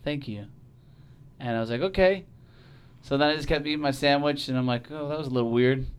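A man's voice: medium pitch, fairly even intonation, fast talker, clear, resonant tone. A man telling a story on a podcast in casual, profane talk, acting out the voices of the people in it. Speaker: podcast guest.

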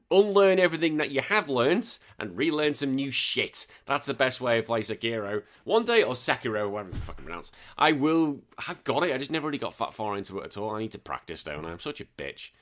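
Male podcast host, bright forceful voice, loose and sweary, rambling casual chat. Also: medium pitch, big pitch swings, a little fast. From United Kingdom. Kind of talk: casual chat reading listener comments.

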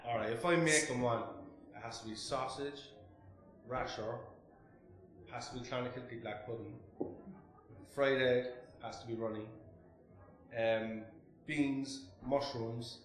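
A man's voice: mid-range voice, fairly even intonation, measured pace, roomy sound, rough recording. A young Irish man chatting casually as a podcast guest, laid-back, swearing freely and laughing often. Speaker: podcast guest, food reviewer. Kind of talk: casual chat.

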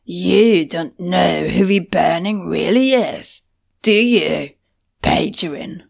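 Gruff blunt storybook man, gravelly and slow, voiced by a woman. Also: sits high, exaggerated voice. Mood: baffled.

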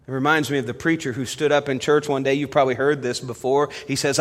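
A man preaching a sermon as pastor, telling stories and swinging from loud emphasis to hushed appeals. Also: medium pitch, steady tone, quick pace, hardly any pauses. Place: church sanctuary. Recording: long reverb of a church hall.

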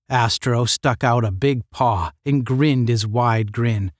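A man reading a 1950s space-adventure novel aloud as narrator, with measured storytelling. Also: medium pitch, no echo, studio quality.

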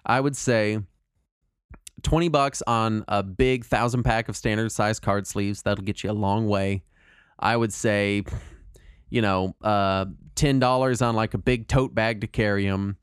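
A man co-hosting a casual podcast chat, talking in a rambling, animated way with lots of fillers and restarts. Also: on the low side, a little slow, clean tone, dry recording, studio quality. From Texas. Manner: rambling, animated, puts on silly voices when quoting people. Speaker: podcast co-host.

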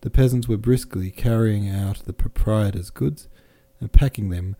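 A man hosting a podcast and reading a classic novel aloud in steady, measured narration. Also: on the low side. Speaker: podcast host and reader.

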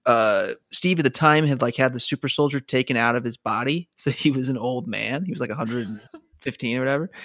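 A man of middle pitch talks in casual podcast chat, rambling and enthusiastic, and laughs now and then. The mic is close and dry, with no room sound. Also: fairly bright tone, no room sound. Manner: rambling, enthusiastic, many fillers and restarts, laughs. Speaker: podcast co-host.

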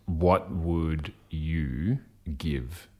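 A man with a very deep, husky voice hosting a podcast. He talks in a relaxed, laid-back way, chatting casually with his guest. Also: drawn-out words. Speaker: podcast host. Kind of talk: casual chat.

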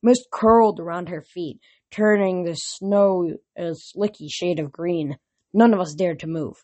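A woman reads a novel aloud in a steady, plain manner. Her voice sits low and carries a breathy, husky edge. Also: measured pace. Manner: plain, steady reading with small restarts. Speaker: narrator.

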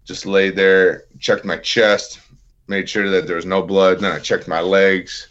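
A man's voice: low-pitched, level tone, measured pace, fairly bright tone, lo-fi sound. A man in his thirties, a veteran guest on an interview podcast, telling his story plainly in a casual, self-deprecating way. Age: 30s.

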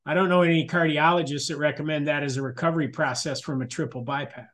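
A middle-aged man gives a personal testimony at a support meeting. His voice sits a little high for a man, and he talks in a candid, conversational way, circling back and restarting his sentences. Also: fairly even intonation, quick pace, a bit bright. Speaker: meeting speaker sharing recovery story.

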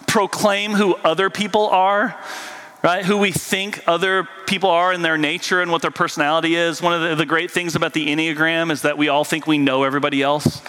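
A man's voice: on the high side, little pitch movement, a little fast, pushed and bright. A man preaching a casual, conversational sermon in a church, chatty and full of "like" and "right?". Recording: long hall reverb.

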